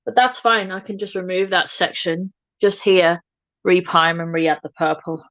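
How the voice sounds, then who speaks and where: A woman's voice: fairly low pitch, fairly even intonation, normal speed, a bit bright, dry recording, dull audio. A woman hosting a casual makeup livestream, chatting to her viewers in a self-mocking way while she works. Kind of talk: casual makeup tutorial chat.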